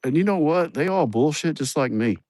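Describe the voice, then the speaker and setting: With a fairly high, slightly mellow voice, the man speaks a little fast and expressively, and the recording is dry. He's livestreaming from a building site outdoors on a phone held in his hand, chatting casually through joking, blunt, profane stories.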